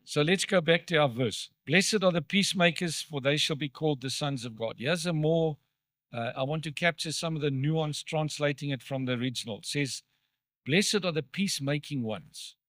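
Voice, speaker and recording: A man's voice: on the high side, normal speed, fairly bright tone, no echo. A man preaching a sermon in church, talking conversationally and asking the congregation questions. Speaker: pastor.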